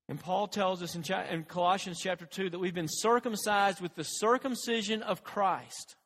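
Male pastor, higher-pitched, preaching in a loose, conversational way, recorded in a big echoing hall. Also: expressive, fast talker, hardly any pauses, a bit bright. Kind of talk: sermon.

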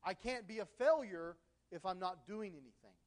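A man with a notably high voice delivers a sermon. He talks in an easy, conversational way, and he keeps illustrating his points with everyday stories from his own home and marriage. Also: lively intonation, normal speed. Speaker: pastor.

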